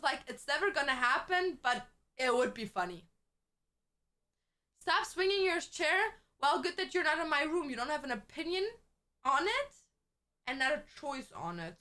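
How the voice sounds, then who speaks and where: A young woman chats casually on her stream. Her voice sits high and sounds bright and sharp. She swears freely and laughs often as she tells stories. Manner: chatty, swearing, quick to laugh. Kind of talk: casual chat.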